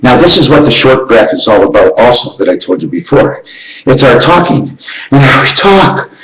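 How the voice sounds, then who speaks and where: A man's voice: sing-song, moderate pace, echoey room, heavy background noise. A man in a rambling monologue, chanting numbers and letters and jumping between ideas. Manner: rambling, rhythmic counting and chanting, sudden jumps in pitch.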